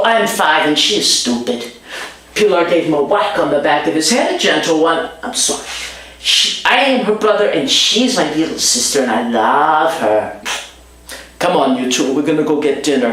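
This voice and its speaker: A woman telling a story aloud in a lively performed style, switching voices for her characters. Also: normal speed, heavy reverb, poor audio. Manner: animated, voices many characters with big pitch jumps.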